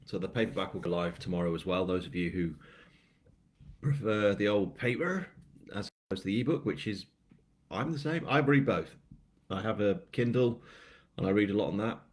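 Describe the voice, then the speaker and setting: A British man with a deep, low voice, chatting loosely through a live stream. He rambles and fills gaps with ums, and pokes fun at himself. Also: normal speed. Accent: British English. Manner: rambling, chatty, self-mocking, with many fillers. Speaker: crime novelist hosting a live book launch. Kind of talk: casual live-stream chat.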